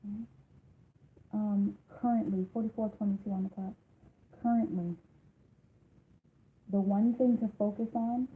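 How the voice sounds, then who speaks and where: A woman's voice: medium pitch, fairly even intonation, measured pace, pauses often. A woman giving live-streamed tarot readings in a chatty, emphatic way with lots of fillers. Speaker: tarot card reader. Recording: tinny phone-like sound with faint noise.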